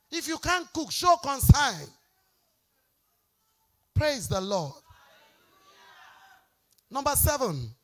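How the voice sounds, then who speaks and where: A woman's voice: high-pitched, big pitch swings, extremely slow, long pauses, fairly bright tone. A woman pastor, preaching an emphatic, exhorting sermon.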